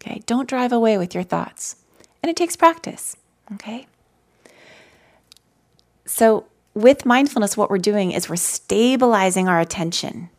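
A woman telling personal stories in a gentle, conversational way as she leads a live mindfulness talk for an audience. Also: mid-range voice, animated, a little slow, pauses often. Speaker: mindfulness teacher. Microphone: handheld mic.

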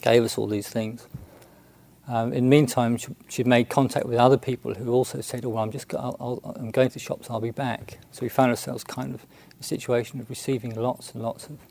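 A man, a Buddhist monk, telling a story in a halting, unhurried way with many restarts and fillers. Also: mid-range voice, level tone, creaky, a little mellow. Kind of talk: storytelling talk.

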